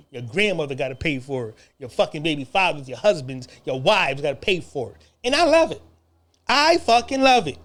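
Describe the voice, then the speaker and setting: A man's voice: high-pitched, fairly bright tone. An American man delivering a profane, taunting monologue rant to the camera, laughing mockingly and stammering through repeated restarts. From United States. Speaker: online commentator.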